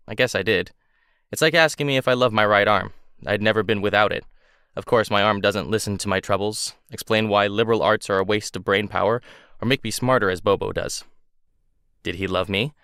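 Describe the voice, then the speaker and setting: A man reading a first-person science fiction story aloud in a steady, measured way. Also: lowish voice, clean tone, no echo, studio quality. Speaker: audiobook narrator. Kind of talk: scripted first-person narration.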